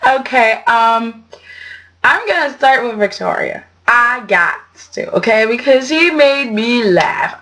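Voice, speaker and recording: A young woman giving a casual vlog review in a sassy, animated way, tagging her points with "okay?". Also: a little high, slow. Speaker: soap opera reviewer. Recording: dull lo-fi audio.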